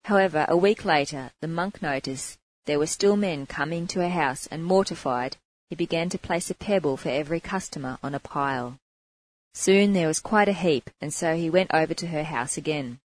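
A woman's voice: deep voice, normal speed, rough recording. A woman as a spiritual teacher, giving an earnest inspirational talk and telling a story to her class.

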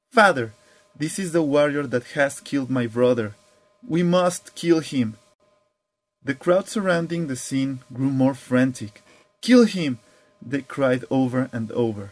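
A man narrating spiritual guidance and a parable in a gentle, measured, earnest way. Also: mid-range voice, rough recording.

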